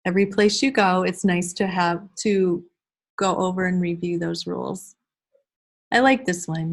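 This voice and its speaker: Woman, low voice, gravelly, relaxed trainer, video call, reading examples aloud. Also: a little slow. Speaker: early childhood teacher trainer. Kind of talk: online class walkthrough.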